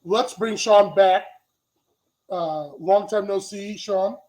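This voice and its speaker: A man with a high voice hosts a livestream panel from a video call. He sounds playful and upbeat and jokes with his guests as he welcomes them on. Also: slow pace, darkish tone, poor audio. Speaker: host.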